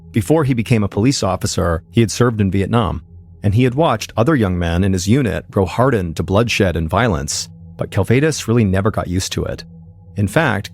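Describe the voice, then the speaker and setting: Male podcast host, lowish voice, measured suspense narration. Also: darkish tone. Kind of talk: scripted true-crime narration.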